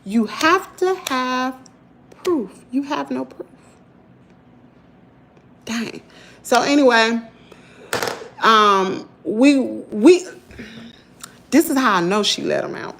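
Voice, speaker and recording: A middle-aged woman with a Southern US accent, telling a story to her viewers in an animated, chatty way. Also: on the high side, slow, creaky, long pauses, slight background noise. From Mississippi, US. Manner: animated, talks to viewers as "y'all". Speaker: vlogger. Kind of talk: casual storytelling.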